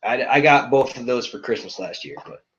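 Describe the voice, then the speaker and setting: A man streaming casual chat to his viewers, excitable and profane, full of slang and jumping between topics. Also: mid-range voice, normal speed, lo-fi sound. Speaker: YouTube reviewer streaming to viewers.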